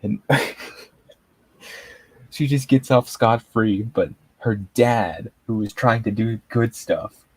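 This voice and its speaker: Male show host, live review rant: drawling slow pace, dry close sound, mocking and rambling. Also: lowish voice, slightly rough, no echo. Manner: mocking, rambling, heavy on filler words.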